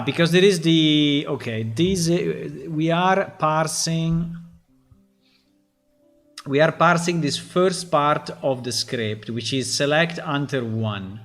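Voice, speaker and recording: A man, a game developer, thinking aloud as he reads through code, halting and muttering puzzled asides to himself. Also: medium pitch, fairly bright tone.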